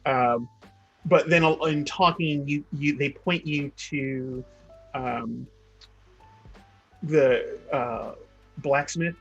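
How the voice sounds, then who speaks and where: A man with a slightly raised pitch runs a tabletop game, feeling his way through the scene with frequent ums and restarts. Soft music plays faintly beneath his voice. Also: gravelly, dull audio. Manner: halting, many fillers and restarts. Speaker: game master.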